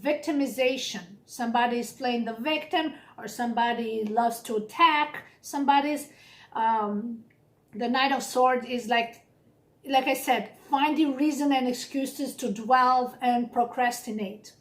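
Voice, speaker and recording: A woman's voice: fairly high pitch, a little slow. Blunt woman giving a tarot reading. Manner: blunt, encouraging, direct address to viewer. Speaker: tarot reader. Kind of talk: casual tarot reading to camera. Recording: echoey room.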